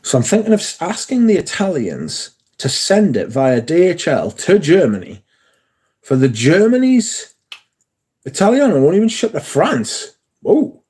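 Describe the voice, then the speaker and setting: A man's voice: on the high side, wildly swooping pitch, unhurried, darkish tone, breathy edge. A man chatting casually on a livestream, rambling through stories and reading out viewers' comments. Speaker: livestream host.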